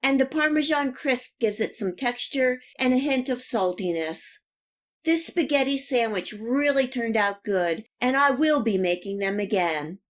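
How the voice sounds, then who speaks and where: A woman hosting a cooking channel, giving calm, even, step-by-step recipe instructions in a scripted voice-over. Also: a little high, a little slow.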